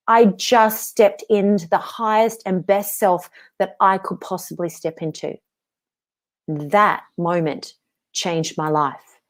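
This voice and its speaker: An older woman giving an emotional, animated motivational talk as a guest speaker on an online video call. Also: mid-range voice.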